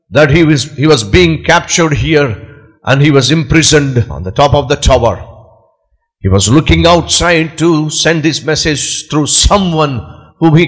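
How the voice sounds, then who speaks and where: A man's voice: a little high, breathy edge. A male pastor preaching a sermon, emphatic and repeating his key phrases.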